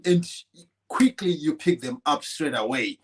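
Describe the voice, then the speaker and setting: A man's voice: fairly high pitch, expressive, measured pace, breathy edge. A man co-hosting a podcast, talking things through in an earnest, explanatory way. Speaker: podcast co-host. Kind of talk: conversational discussion.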